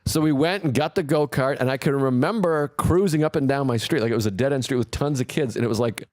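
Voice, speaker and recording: Male guest reminiscing, mid-pitch, dry sound. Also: fast talker, darkish tone, no room sound. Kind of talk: casual storytelling.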